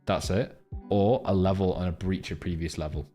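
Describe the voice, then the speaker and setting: A man's voice: low-pitched, fairly even intonation, normal speed, mellow, faint music behind. A man live-streaming, chatting crudely with his viewers and rambling between jokes and a chart lesson. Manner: crude, joking, rambling banter with chat.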